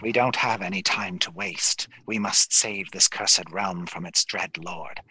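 A man's voice: low voice, a little slow, sharp tone, slightly rough, exaggerated voice. A man voicing a grave, urgent old male scholar in a tabletop game, in a solemn, declaiming way.

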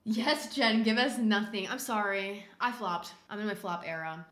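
A woman streaming a drawing game, chatting casually and excitably, rambling with lots of "like" and loud exclamations. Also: mid-range voice, moderate pace. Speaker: livestreamer. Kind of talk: casual livestream chat while drawing. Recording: roomy echo.

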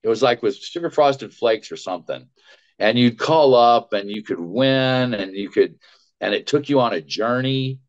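A man who is a voice actor, telling chatty, animated stories about his work as a guest. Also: mid-range voice. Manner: chatty, animated anecdotes with quick asides. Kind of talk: casual storytelling. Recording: dull lo-fi sound.

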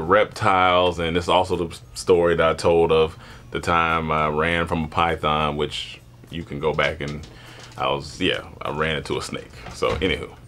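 A man telling a comedic childhood story in casual chat, animated and laughing often, acting out voices. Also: deep voice. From born in Germany, grew up partly in Panama.

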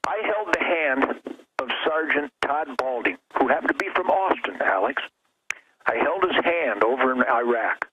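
A man's voice: mid-range voice, lively intonation, normal speed, pushed and bright. An older man speaking as a guest on a political talk radio show, fiery and emphatic, stumbling over repeated words in bursts. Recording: muffled lo-fi radio line with noise.

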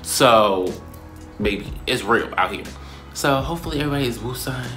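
A young man in a casual vlog, talking in a playful, slangy way and often breaking into high squeals. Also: expressive, fairly quick, over music. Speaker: YouTuber.

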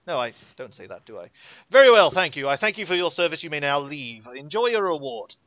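A man's voice: on the high side, very animated, a little fast, fairly bright tone, no room sound, muffled recording. A man voicing an eager young nobleman of about twenty who fumbles over-politely. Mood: flustered.

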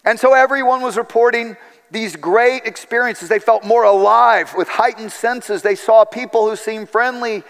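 High-voiced man preaching in a reverberant hall. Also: moderate pace, a bit bright. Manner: earnest storytelling with quoted dialogue. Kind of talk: sermon.

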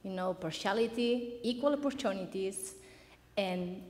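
A woman's voice: mid-range voice, unhurried, a little mellow. A woman doctoral student rehearsing a short research presentation in English, a for her, restarting lines as she is corrected. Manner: restarts lines on cue, formal presentation delivery. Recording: roomy hall echo.

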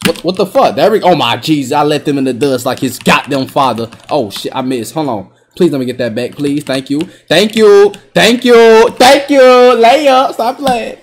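A young man giving excitable, trash-talking commentary while playing a basketball video game, swinging between low mutters and sudden yelps. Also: a little fast, hardly any pauses, slight background noise. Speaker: gaming YouTuber. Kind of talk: live gameplay commentary.

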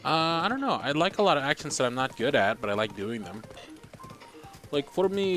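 A man commentating a live game stream, animated and chatty, talking to his in-game horse with sudden loud outbursts. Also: fairly high pitch, a little fast, faint music behind. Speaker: gaming streamer. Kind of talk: live let's-play commentary.

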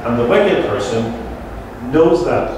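A man's voice: mid-range voice, big pitch swings, slow pace. Male pastor, emphatic sermon delivery, long hall reverb, faint room noise. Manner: emphatic preaching, repeating key words for stress. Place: church. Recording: echoey church hall from far off.

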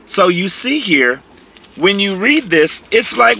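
A man teaching from the Bible, reading verses slowly and explaining them emphatically, often checking in with "okay?". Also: sits high, sing-song, creaky, sharp tone, husky. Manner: reads scripture slowly and deliberately.

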